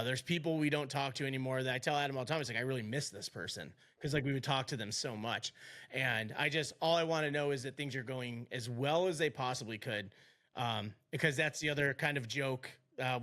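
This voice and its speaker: A man's voice: mid-range voice, a bit bright. A man in his forties hosting a podcast, chatting casually and rambling, laughing often. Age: 40s. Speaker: podcast host.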